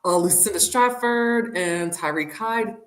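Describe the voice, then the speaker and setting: A woman's voice: mid-range voice, measured pace. A woman co-hosting a casual chat show, telling stories with lots of giggles. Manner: giggly, animated storytelling. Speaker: podcast co-host. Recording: roomy echo.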